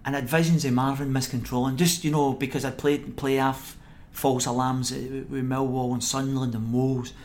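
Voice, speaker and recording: A middle-aged man with a Scottish accent, guesting on a podcast and telling stories with lively energy, laughing as he goes. His voice sits at an everyday middle pitch, with a faint hum of noise behind him. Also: normal speed, few pauses. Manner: animated anecdote-telling, acts out quoted voices, laughs often. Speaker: former footballer guest. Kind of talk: podcast interview storytelling.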